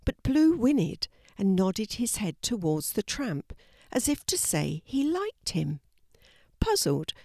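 An older woman narrating a children's story in a slow, gentle storybook manner. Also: on the low side, no echo, studio quality.

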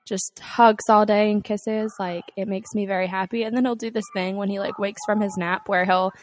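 A woman's voice: medium pitch, fairly even intonation, normal speed, slight background noise. A young woman in casual conversation, chatty and laughing often, with plenty of filler words. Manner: chatty, laughs often, many likes and ums. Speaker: podcast co-host. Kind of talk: casual chat.

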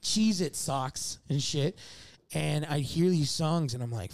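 A man's voice: on the high side, animated, measured pace, vocal fry, darkish tone, no echo. A man telling a long, rambling story as a podcast guest, swearing often and laughing mid-sentence. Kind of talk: casual storytelling chat.

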